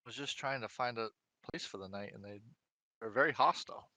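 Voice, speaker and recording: A man voicing a friendly, easygoing adventurer in a casual, loud way. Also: medium pitch, fairly quick, dry recording, close to an everyday voice.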